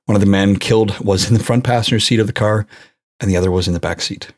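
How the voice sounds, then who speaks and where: Chill podcast guy with a lowish voice reading out news bits, lots of uhs. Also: steady tone, quick pace, darkish tone. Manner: easygoing, reads stories aloud with fillers. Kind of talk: casual chat and reading news.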